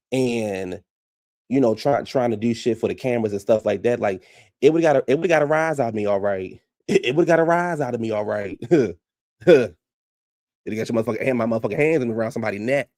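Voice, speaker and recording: A man giving casual, profane reaction commentary on a reality show, blunt and animated, often laughing. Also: lowish voice, dry recording, studio quality.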